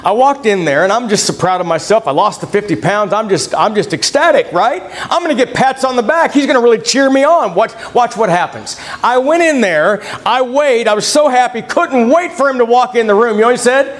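A man's voice: lively intonation, fairly quick, hardly any pauses, a bit bright. A middle-aged man preaching a folksy sermon, reading scripture aloud and telling personal stories. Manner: folksy, reads scripture aloud, pitch swings widely between points.

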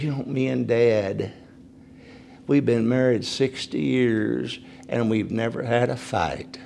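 A man delivers a sermon. His voice is a little high and gravelly with fry. He climbs into forceful emphasis, then falls back to quiet storytelling. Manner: preaching that rises to emphatic peaks and drops to quiet storytelling. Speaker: preacher.

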